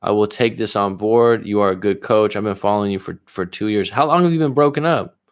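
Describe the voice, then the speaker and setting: A man's voice: fairly low pitch, fairly quick, smooth. A man coaching viewers on a livestream, reading their comments aloud and answering them bluntly, with frequent swearing. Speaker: relationship coach.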